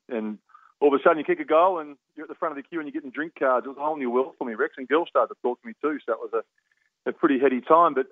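An Australian man in his fifties tells his football stories over the phone at a quick clip, often stopping to restart a sentence. The line is thin and tinny, and the sound is dry with no room around it. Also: mid-range voice, dry recording. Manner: animated storyteller with many restarts and laughs. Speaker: guest, former footballer. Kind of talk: radio interview, storytelling.

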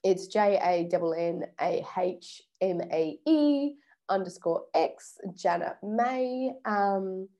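Young woman, vlogger, casual chat, mellow warm voice, swears freely. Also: medium pitch, lively intonation, slow pace. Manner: chatty, swears casually, acts out quotes. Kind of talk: casual self-help vlog.

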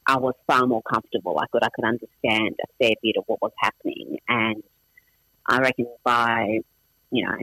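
A man's voice: medium pitch, normal speed, bright, forceful tone, breathy edge, no echo, poor audio. A middle-aged man with an Australian accent, born in Iran with Farsi as his first language, chatting casually as an interview guest, self-deprecating and full of restarts and fillers.

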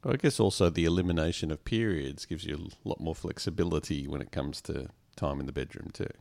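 Very deep gravelly man. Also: a little fast, darkish tone. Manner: brief questions with hesitant fillers. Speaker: podcast co-host. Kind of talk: casual chat.

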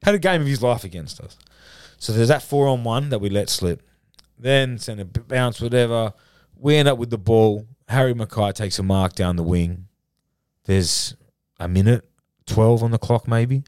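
A man's voice: mid-range voice, normal speed, darkish tone, smooth, no room sound. An Australian man in a casual podcast studio chat, telling a rambling, sweary story. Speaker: podcast co-host.

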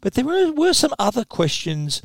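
A man's voice: extremely high pitch, normal speed, creaky, no echo. A middle-aged Australian man hosting a tech show, talking chattily and often restarting his sentences. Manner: chatty, lively, repeats words when restarting. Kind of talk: radio tech news talk.

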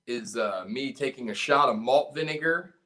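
A man's voice: mid-range voice, normal speed, sharp tone. A man from California with a Southern drawl, a punk band guitarist rambling and laughing in a casual podcast chat. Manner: rambling, profane, laughs often.

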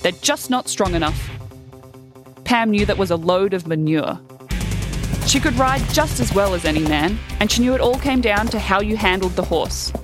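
A woman reading a children's story aloud in a lively way, acting out the characters' lines. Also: medium pitch, moderate pace, over music.

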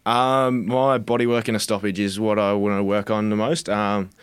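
This is a young Australian footballer who chats in a laid-back, plain way. His voice is low and smooth, and the recording is close with no room sound. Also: flat delivery, moderate pace, dry recording. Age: young adult. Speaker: footballer guest. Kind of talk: casual podcast interview.

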